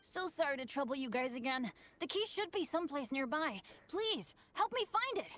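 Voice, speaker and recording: A woman voicing a cheerful, hapless young boy adventurer who is earnest and quick to apologize in game dialogue. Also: high voice, big pitch swings, fairly bright tone.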